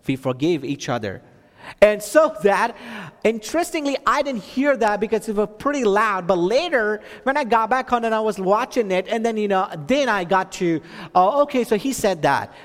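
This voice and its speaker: A man's voice: high-pitched, sing-song, normal speed, long reverb tail. A man from Texas telling a testimony as a sermon, with many restarts and fillers, rising to emphatic preaching.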